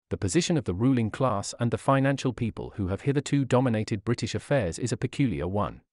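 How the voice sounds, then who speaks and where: A man reading a nonfiction audiobook aloud as narrator, with an expressive, pointed delivery and a sardonic edge. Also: lowish voice, no echo, studio quality.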